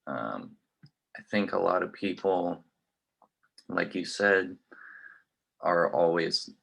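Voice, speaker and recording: A man's voice: sits low, expressive, slow pace, vocal fry, a bit bright, breathy edge. A young male college student thanking his interviewee, hesitant and full of fillers. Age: young adult. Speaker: college student asking questions. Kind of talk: casual conversation.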